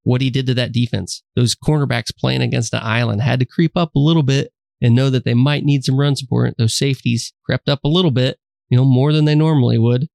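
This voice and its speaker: Gravelly male co-host, dry close mic, easygoing banter about football. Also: medium pitch, darkish tone, no echo. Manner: laid-back, profane, banter-heavy. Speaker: podcast co-host. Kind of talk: casual sports podcast chat.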